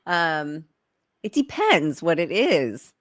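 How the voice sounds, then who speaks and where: A middle-aged woman hosting a podcast, talking casually with plenty of fillers and pauses. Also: low-pitched, very animated, fairly bright tone, no room sound, studio quality. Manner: chatty, hesitant, lots of "like" and "you know". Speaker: podcast host. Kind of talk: casual chat.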